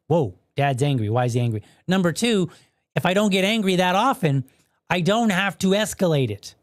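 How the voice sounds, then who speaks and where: Guy in his 30s doing his own podcast, kinda high voice, dry mic, keeps going "right? okay?". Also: no room sound. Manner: conversational, explains with rhetorical questions and restarts. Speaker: podcast host. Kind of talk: casual solo commentary.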